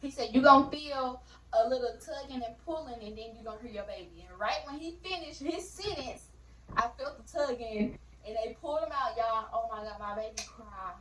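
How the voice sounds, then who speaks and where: A woman's voice: on the high side, a little fast, a bit bright. A young woman casually telling her birth story to viewers, chatty, with lots of fillers, calling them y'all. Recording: roomy, distant mic.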